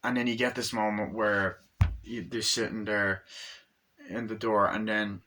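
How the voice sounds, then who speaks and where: A man with a low voice and a bright, forceful edge rambles through a film review. He swears casually and keeps breaking into impressions of the characters. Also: flat delivery, a little slow, slight background noise. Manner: rambling, swears often, acts out scenes in voices. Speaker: movie reviewer.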